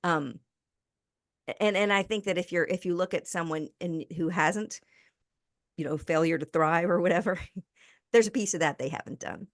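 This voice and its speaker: A woman talks through a podcast interview, telling stories with animation and acting out the people in them. Her voice sits fairly low for a woman, and the sound is dry and close. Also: moderate pace, long pauses, no room sound. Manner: animated storyteller, acts out quoted people. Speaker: guest speaker and author.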